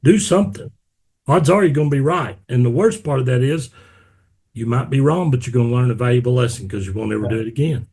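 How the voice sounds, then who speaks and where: A man hosting a casual interview, with a husky, slightly rough voice. He tells stories with energy and acts out the other people in them. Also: medium pitch, fast talker. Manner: animated storyteller, acts out quotes. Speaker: podcast host.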